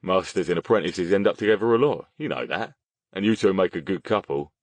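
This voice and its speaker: Brief: loud, jokey bloke, read by a male narrator, big lively swings. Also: sits low, a little fast, no room sound. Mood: chummy. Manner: boisterous, laughing, gossipy.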